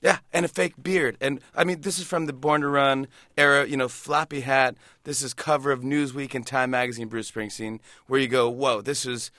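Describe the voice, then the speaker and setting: A man in his forties with a bright, forceful voice tells a story in a casual interview. He is animated and keeps slipping into quick impressions of other people. The sound is dry and close. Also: mid-range voice, no room sound. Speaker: talk show host and impressionist.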